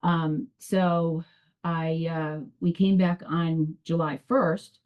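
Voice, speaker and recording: A woman's voice: low voice, little pitch movement, takes it slowly. A woman addressing a town commission as a resident, telling her story in a hesitant, rambling way with many restarts. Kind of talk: public testimony at a town meeting. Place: town meeting room. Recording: dull lo-fi public access broadcast.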